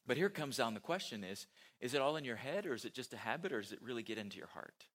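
A pastor giving a conversational sermon at a church, with self-deprecating asides and rhetorical questions to the congregation. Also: male voice, mid-range voice, lively intonation, quick pace, a bit bright.

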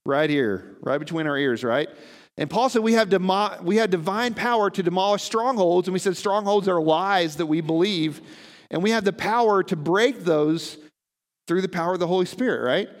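High-voiced pastor preaching in a reverberant hall. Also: male voice. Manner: conversational, asks the congregation questions. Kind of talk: sermon. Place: church sanctuary.

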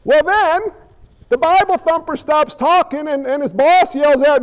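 A man preaching a sermon as pastor, reading scripture and then acting out a story with lively shifts in loudness. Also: very high-pitched, moderate pace, low-quality recording.

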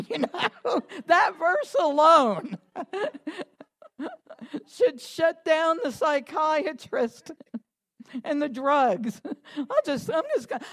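A woman preaching a sermon to a congregation, animated and laughing, building to fervent, shouted prayer. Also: high voice.

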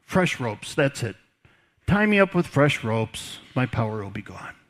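A man's voice: medium pitch, big pitch swings, unhurried, pitched below the performer's own voice. A man voicing a strong, lovesick young man who speaks in an easygoing, offhand way, during a sermon.

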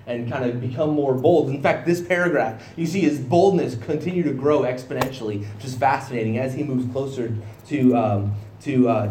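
A man's voice: mid-range voice, a little mellow, a little hiss or hum. Conversational preacher man in an echoey room. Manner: conversational, asks "right?" often, acts out quoted voices. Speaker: pastor. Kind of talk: expository sermon.

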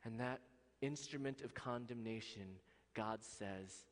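A man preaching a sermon with passion, swinging from loud, soaring lines to hushed, quiet ones. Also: a little slow. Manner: impassioned, swings from loud highs to hushed lows. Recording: long hall reverb.

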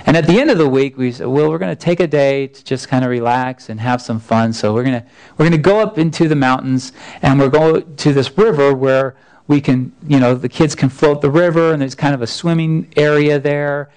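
A man in his thirties tells a personal story from the pulpit with an earnest, folksy manner. He often restarts his phrases, and his voice stays smooth and clear throughout. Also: medium pitch, brisk, a little mellow, rough recording. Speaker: pastor. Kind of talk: conversational sermon storytelling.

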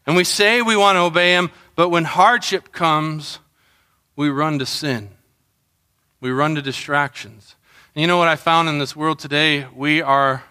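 A middle-aged man preaching a sermon as pastor, telling animated stories and acting out what people said. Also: a little high, smooth. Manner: animated storytelling, acts out quotes and shouts.

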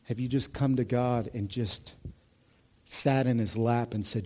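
A male pastor in his thirties preaching a sermon in an animated, conversational way, moving between hushed and loud. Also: mid-range voice, a little slow.

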